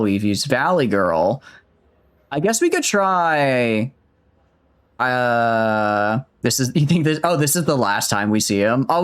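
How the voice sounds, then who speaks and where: Brief: young male streamer, lively pitch, rambling and self-deprecating. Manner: rambling, self-mocking, chatting with viewers. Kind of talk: casual gaming stream chat.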